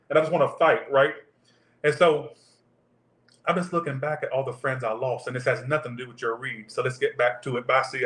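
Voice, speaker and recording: A man's voice: fairly high pitch, a bit bright, echoey room. A man giving a casual tarot reading, rambling off into profane tangents. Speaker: tarot reader.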